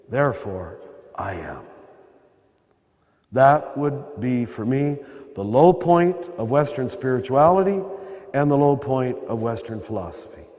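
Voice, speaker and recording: An older man with an American accent and a throaty voice, giving a conversational spiritual talk with wry asides as a priest. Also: on the high side. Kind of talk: spiritual talk to a live audience. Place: large cathedral. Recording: long cathedral reverb.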